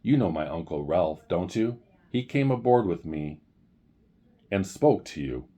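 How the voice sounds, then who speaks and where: A man's voice: low-pitched, very animated, measured pace, mellow, heavily acted. A man reading aloud as a polite, earnest teenage boy in a storybook.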